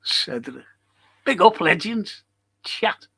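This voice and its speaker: A man's voice: high-pitched, very animated, slow pace, vocal fry, a bit bright, husky, low-quality recording. A man hosting a casual live stream, chatty and rambling as he reads out viewer comments.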